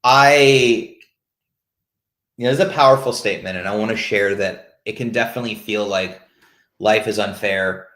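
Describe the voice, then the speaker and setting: Candid man with a low, roomy voice. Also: normal speed, a bit bright. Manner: open, searching, stops and restarts often. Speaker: host of a peer support call. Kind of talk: candid casual talk. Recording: roomy echo.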